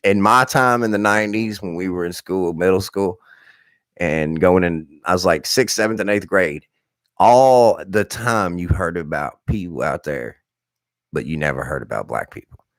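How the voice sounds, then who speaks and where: A man in his thirties with a very deep voice, slightly hoarse, tells loose stories to his live stream viewers. He talks bluntly and profanely, with lots of animation. The sound is close and dry, with no room around it. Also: moderate pace, a bit bright, dry recording. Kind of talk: rambling casual storytelling.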